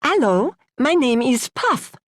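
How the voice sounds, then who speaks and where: A woman's voice: high voice, very animated, slow, no room sound, clean studio sound, voice pushed up, heavily acted. A woman voicing a perky petite woman with a French accent.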